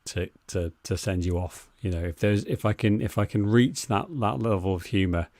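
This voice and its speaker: A British man with a fairly low voice, co-hosting a podcast in relaxed chat. He teases his co-host with dry wit, recorded close and dry. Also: moderate pace, dry recording. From Britain.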